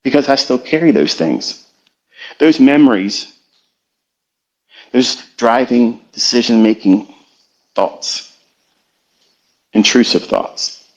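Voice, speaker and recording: A middle-aged man talks in an earnest, confessional way, pausing and restarting as he works through his thoughts. His voice sits at an ordinary middle pitch. The sound is slightly muffled, like an online audio stream. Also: expressive. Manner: earnest, confessional, slow and halting. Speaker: trading educator hosting a live audio room. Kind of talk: reflective motivational talk.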